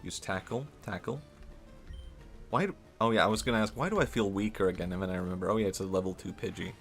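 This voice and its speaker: A male streamer talks through his game in a loose, rambling way, breaking into giggles as his ideas spiral. His voice is low with a gravelly, fry-heavy texture. Soft game music runs faintly underneath. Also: rapid-fire. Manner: rambling, giggly, playfully absurd. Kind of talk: casual gameplay commentary.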